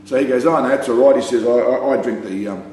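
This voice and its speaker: An Australian storyteller rambles through a casual anecdote, peppering it with "you know" and "mate" and bursting into laughter. He talks fast in a mid-range voice with a darkish tone, in a very echoey room carrying a faint hum.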